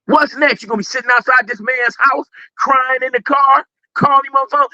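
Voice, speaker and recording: A very high, bright, forceful male voice rants and mocks with big swings in loudness. The sound is dry and a little dull, like lo-fi stream audio. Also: fairly quick, few pauses, dry recording. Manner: loud, mocking, animated ranting. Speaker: co-host. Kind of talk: casual commentary chat.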